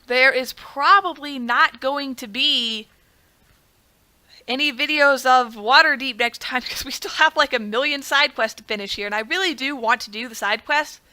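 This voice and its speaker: Young woman gamer, bright and chatty commentary, laughs at herself often. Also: sits high, normal speed. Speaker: gaming video creator. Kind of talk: casual gameplay commentary.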